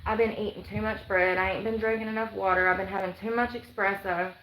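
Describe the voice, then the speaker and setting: A woman's voice: medium pitch, steady tone, fast talker, fairly bright tone, reverberant, slight background noise, poor audio. A woman chatting casually on a livestream, rambling, sighing and laughing at herself. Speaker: vlogger. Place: outdoors in the woods.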